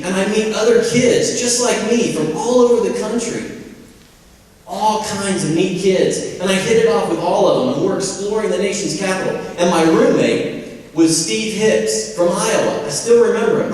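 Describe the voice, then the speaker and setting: A man in his forties from Indiana tells folksy, funny stories in a motivational speech. His voice sits a little high, and it comes from far off with long reverb in a big hall. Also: darkish tone. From Indiana, USA. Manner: folksy, humorous storytelling. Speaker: convocation speaker.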